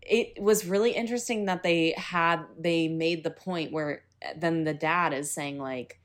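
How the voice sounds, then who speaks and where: Lower-voiced woman chiming in casually. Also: measured pace. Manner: agreeable, chimes in, quotes characters. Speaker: podcast co-host. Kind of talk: casual chat recapping a musical.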